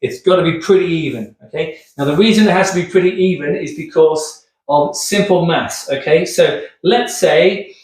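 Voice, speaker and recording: A man with a slightly high, darkish voice and moderate pace demonstrates rehab exercises as a physio instructor, keeping things upbeat and chatty. He asks "okay" again and again and gets winded, captured by a distant mic in an echoey room with a hard floor.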